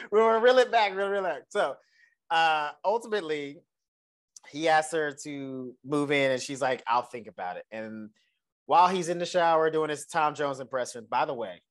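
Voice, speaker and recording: A man's voice: on the high side, moderate pace. Profane guy recapping a show. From United States. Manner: loose, profane, animated storytelling. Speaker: podcast co-host. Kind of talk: casual TV recap chat.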